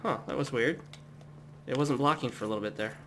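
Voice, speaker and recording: A young adult man from the United States giving relaxed, rambling commentary as he plays a game at home. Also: medium pitch, brisk, a little hiss or hum. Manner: relaxed, rambling, chatty asides. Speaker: gameplay commentator. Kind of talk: casual let's-play commentary.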